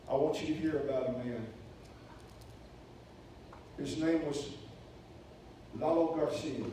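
Animated preacher in an echoey church. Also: male voice, a little high. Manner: animated, acts out quoted voices loudly. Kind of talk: sermon storytelling to a congregation. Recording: echoey hall, distant mic, faint hiss.

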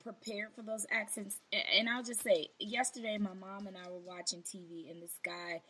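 A woman's voice: mid-range voice, steady tone, normal speed, pushed and bright, slightly rough, poor audio. A woman hosting an interview, chatty and affirming with her guest. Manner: chatty, laughs along, affirming. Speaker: podcast host. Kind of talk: casual interview chat.

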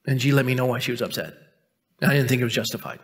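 Talking very fast in a mid-range voice, a male pastor in his fifties preaches in a church sanctuary. His sermon is conversational and self-mocking, built around a personal anecdote where he acts out each person's quoted lines.

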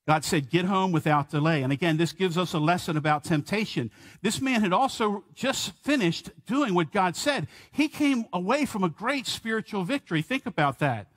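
A middle-aged male pastor delivers an expository sermon from the pulpit. His voice sits fairly high for a man, and he preaches with earnest emphasis, asking the congregation questions and driving each point home. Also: a bit bright.

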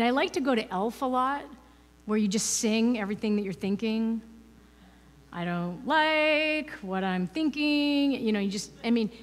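A woman's voice: a little high, a little mellow. A woman giving a conversational, playful spiritual talk as a guest speaker, asking the audience rhetorical questions. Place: church hall. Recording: reverberant hall.

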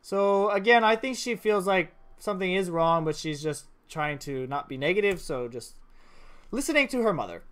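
A woman's voice: on the low side, expressive, normal speed. A woman giving casual, playful commentary while playing a horror adventure game. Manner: playful, jokey, giggly asides. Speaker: let's play gamer.

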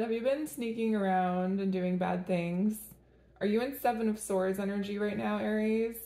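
Chatty woman with a gravelly edge. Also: medium pitch, fairly even intonation, moderate pace, dark tone, echoey room. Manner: chatty, rambling, laughs often. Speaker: tarot reader. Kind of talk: casual tarot reading to camera.

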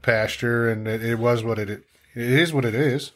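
A man's voice: medium pitch, normal speed, a bit bright. A man co-hosting a casual podcast chat, rambling and trailing off as he tells stories. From Wisconsin. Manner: rambling, trails off, laughs easily. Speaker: podcast co-host.

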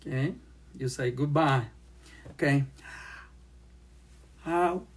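Slow-paced sign language teacher. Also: mid-range voice, breathy edge. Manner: speaks slowly, repeats phrases while demonstrating signs. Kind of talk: slow classroom lesson.

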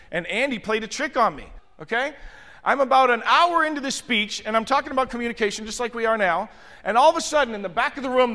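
A man whose voice sits high and sounds bright and forceful leads a motivational communication seminar in a large hall. A hospitality communication trainer, he tells expressive stories and addresses the audience in the large function room directly.

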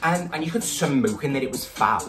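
A man's voice: mid-range voice, expressive, moderate pace. A man, tipsy, chatting in a rambling, gossipy vlog and swearing a lot. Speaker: vlogger. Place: his bedroom at home. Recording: distant mic with loud background music. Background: music playing.

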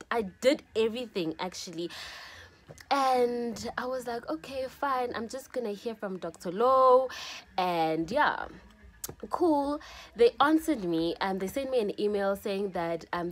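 A young woman vlogger from South Africa telling a personal story to her viewers, animated and chatty, often saying "yo" and "guys". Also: mid-range voice. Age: young adult. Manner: animated, frequent "yo" and "guys" fillers. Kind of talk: casual storytime.

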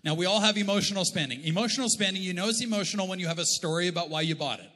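A man's voice: high-pitched, very fast, sharp tone. A middle-aged Canadian man preaching a sermon as pastor, in a conversational, joking way. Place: church auditorium. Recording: long echo of a large church hall.

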